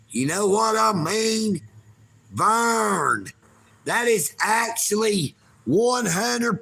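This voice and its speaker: A man's voice: high voice, creaky, pushed and bright, breathy edge. A man, ranting on a livestream in a folksy, taunting way and talking about himself in the third person. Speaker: live streamer. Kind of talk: livestream rant.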